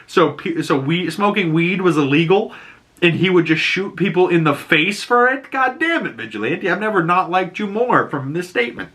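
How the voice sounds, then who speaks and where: Bright-sounding guy recapping a show, laughs a lot, swears, loose and chatty. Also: high voice, animated, moderate pace. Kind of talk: casual recap commentary.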